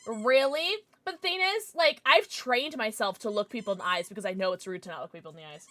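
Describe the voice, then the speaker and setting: A woman's voice: mid-range voice, fairly bright tone, no echo. A young adult woman streaming live, chatting passionately with her chat and swearing freely.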